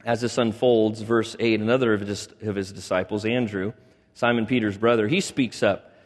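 A man preaching a sermon, retelling a story with animated delivery and acting out quoted lines. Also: on the low side, moderate pace, in a large hall. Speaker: pastor.

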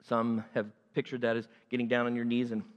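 A man's voice: medium pitch, completely flat delivery, brisk, clear, resonant tone, lo-fi sound. A man preaching a sermon, acting out the story animatedly in different voices. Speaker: pastor. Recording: long hall reverb.

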